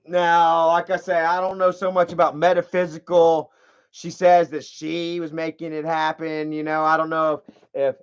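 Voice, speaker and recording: A man's voice: on the high side, clean tone. A young man telling a rambling, profane story to his viewers in casual chat. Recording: dull lo-fi stream audio.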